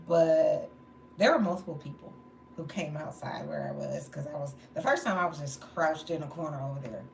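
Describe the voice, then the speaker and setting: A tired woman venting candidly in a late-night livestream monologue, laughing between stories. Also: deep voice. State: tired from no sleep. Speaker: livestream host. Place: indoors at home, late at night. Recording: roomy echo, faint background noise.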